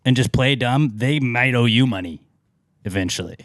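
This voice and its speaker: A man's voice: medium pitch, moderate pace, no echo, studio quality. A man co-hosting a podcast, chatting casually and telling rambling anecdotes full of fillers. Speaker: podcast co-host. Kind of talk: casual chat.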